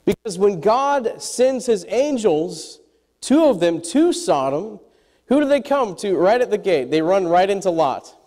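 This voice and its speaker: A man preaching a sermon to a congregation, animated and quizzing his listeners as he goes. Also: high voice, measured pace, big-room sound. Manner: animated, asks the congregation questions. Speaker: pastor.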